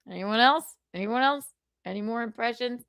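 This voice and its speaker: A woman's voice: a little high, unhurried, gravelly, a bit bright, clean tone, no echo. A woman hosting a casual livestream, giggling and teasing as she chats. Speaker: livestream host.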